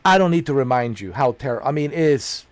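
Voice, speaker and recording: A streamer chatting casually, ranting in a rambling, blunt and profane way and repeating himself. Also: male voice, medium pitch, expressive, normal speed, no echo.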